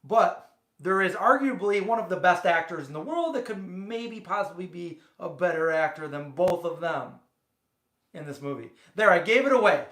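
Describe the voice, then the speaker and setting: A man's voice: sits high, lively intonation, normal speed, a bit bright, roomy sound. A man hosting a casual livestream from his home kitchen, rambling and chatting directly with viewers. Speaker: livestream host. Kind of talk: casual chat.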